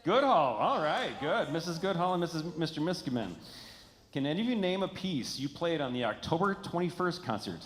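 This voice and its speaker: A man emcees a school band concert, speaking upbeat to the students and their parents. His voice is slightly high, with an echoey room sound. A long hall reverb and a faint crowd murmur sit behind him. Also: big pitch swings, a little fast, a bit bright. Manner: upbeat, addressing audience and students. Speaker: band director. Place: school performing arts center.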